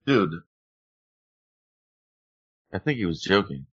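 A man's voice: low-pitched, sing-song, slow pace, husky, highs cut off. A man co-hosting a casual podcast, wry and teasing. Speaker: podcast co-host.

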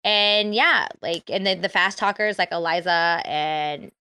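Woman comedian, energetic, loud, profane, dry close sound. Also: on the low side, smooth, no room sound. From Filipino heritage. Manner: energetic, fast-talking, swears freely. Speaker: comedian guest. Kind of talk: casual chat. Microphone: phone.

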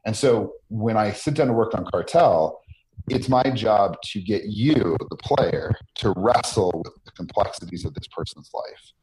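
A man's voice: fairly low pitch, lively intonation, unhurried, darkish tone. A man being interviewed as a game designer, talking earnestly and tagging his points with "right?". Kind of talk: podcast interview. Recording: noisy line.

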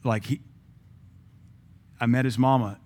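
A man's voice: medium pitch, steady tone, a little slow, a little mellow. A middle-aged man, preaching a sermon as pastor, telling stories with acted-out quotes and blunt asides.

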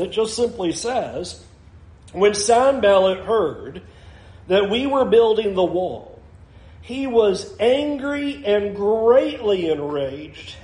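A man's voice: sits high, darkish tone, echoey room, poor audio. A man preaching a sermon in a conversational way, acting out the people in the story as he goes. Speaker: pastor.

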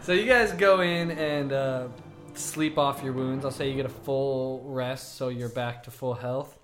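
A man's voice: medium pitch, music in the background. Laid-back male game master. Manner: relaxed, halting narration with frequent fillers. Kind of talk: narrating a tabletop game.

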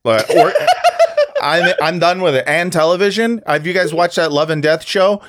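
A man's voice: high voice, wildly swooping pitch, normal speed, heavy background noise. A man hosting a podcast in casual chat, emphatic and profane, often laughing. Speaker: podcast host.

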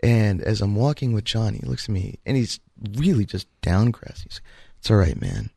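A man co-hosting a radio talk show, telling a story in a casual, animated way and acting out the voices he quotes. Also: lowish voice, normal speed, creaky, dry recording.

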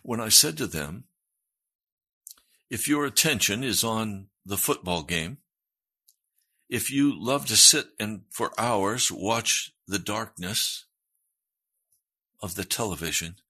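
Male pastor preaching slowly with a husky, bright edge, earnest and emphatic. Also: on the low side, animated. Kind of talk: sermon.

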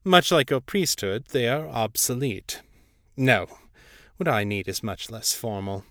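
A man voicing a cold, patronizing ancient devil prince with a low, unrelenting voice. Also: animated, unhurried, a bit bright, no room sound, studio quality. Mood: condescending.

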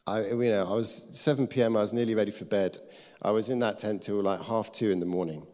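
A man preaching a sermon, telling a personal story, lively when acting out scenes and soft when quoting. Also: fairly low pitch, brisk. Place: church hall. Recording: long reverb of a church hall.

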